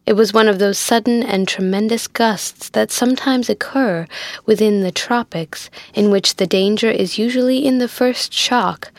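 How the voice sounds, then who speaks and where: An eager, earnest young ship's mate, voiced by a woman reading a novel. He speaks quickly and reassuringly, and the recording is dry and close. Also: mid-range voice, no room sound, close to an everyday voice.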